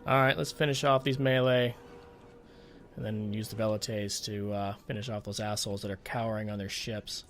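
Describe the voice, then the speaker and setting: Low-voiced man commenting on gameplay. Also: level tone, normal speed, faint music behind. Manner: thinking aloud, grows exasperated and swears at the game. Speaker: gaming channel host. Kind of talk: let's play commentary.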